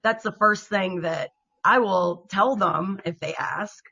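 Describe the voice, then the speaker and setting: A woman co-hosts a radio talk show in casual conversation. Her voice is bright and clear, and she speaks earnestly. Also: mid-range voice, slow pace, highs cut off. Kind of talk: casual chat.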